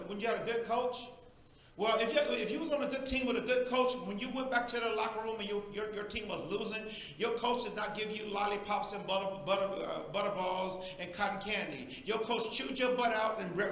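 Animated preaching man in an echoey room. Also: high-pitched. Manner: animated, preachy call-and-response. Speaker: pastor. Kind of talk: sermon.

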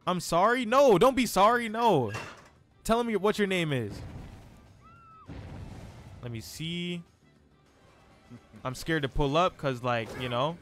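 A young man streaming live gameplay, chatting in an excitable, slangy, self-mocking way. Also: on the high side, slow pace, pauses often, soft background music.

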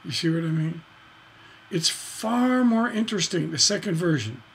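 A man teaching songwriting on a charity livestream in a relaxed, folksy way, humming melodies on "da da" to show his points. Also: a little high, normal speed, a little hiss or hum.

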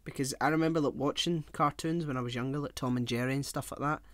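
A man's voice: medium pitch, steady tone, fast, a bit bright, no echo. A young man co-hosting a podcast in casual chat, rambling, laughing often and swearing offhandedly. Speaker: podcast co-host.

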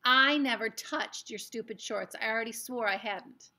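Woman voicing an indignant shouting schoolboy. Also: a little high, normal speed. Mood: angry. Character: angry desperate young schoolboy.

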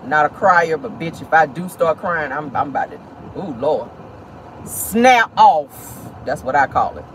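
Sassy high-voiced man gossiping in a car. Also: lively intonation, measured pace, low-quality recording. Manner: sassy and dramatic, calls listeners honey and baby. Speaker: host. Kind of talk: casual celebrity gossip commentary. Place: inside a car. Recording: car noise behind the voice.

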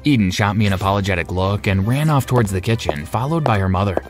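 A man with a low voice narrates a first-person animated story in a steady, conversational tone. Soft background music runs under his voice. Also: fast.

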